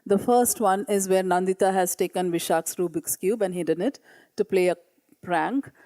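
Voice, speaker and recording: A woman teacher presents classroom work at a conference in a meeting room, with no room sound on the recording. Speaking at a moderate pace in a mid-range, dark voice, she reads students' writing aloud, sincere yet halting.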